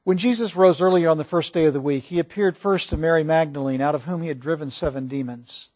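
A man preaching a sermon, animated, asking the congregation questions. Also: on the high side, fast talker.

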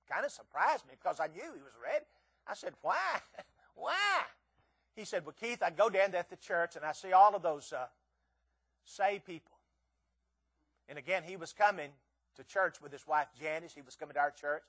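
High-voiced emphatic male preacher. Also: fairly quick, fairly bright tone, breathy edge. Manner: emphatic, rising and falling with quoted voices. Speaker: visiting preacher. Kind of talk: revival sermon with storytelling.

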